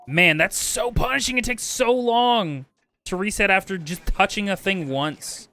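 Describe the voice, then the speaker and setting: A man streaming a video game live, chatting with viewers and reacting loudly, swinging between excited yelps and low mutters. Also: unhurried. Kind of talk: casual live gameplay commentary.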